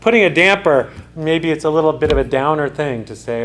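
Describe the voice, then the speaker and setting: A man's voice: a little high, normal speed, few pauses, fairly bright tone. A man giving a conversational classroom lecture as a sociology lecturer, talking in restarts and asides to his students. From United States.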